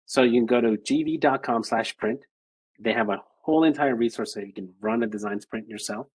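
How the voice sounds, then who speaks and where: A man's voice: mid-range voice, brisk, husky, dry recording, rough recording. A man speaking as a guest design lead on a video call, talking energetically with lots of fillers. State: out of breath. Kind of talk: virtual presentation and Q&A.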